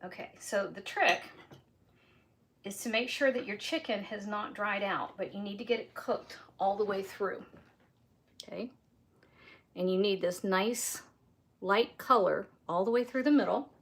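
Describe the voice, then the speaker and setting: A woman's voice: medium pitch, unhurried, long pauses, slight background noise. A woman, chatting casually while she cooks and tastes food in her home kitchen during a live stream. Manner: chatty, folksy, talks while tasting food. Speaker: home cook hosting a live cooking stream.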